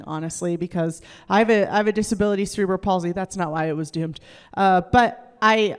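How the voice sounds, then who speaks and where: A woman's voice: mid-range voice, smooth, big-room sound. A young woman comedian performing a stand-up set on a club stage into a handheld mic, rambling loosely, laughing, and acting out quotes.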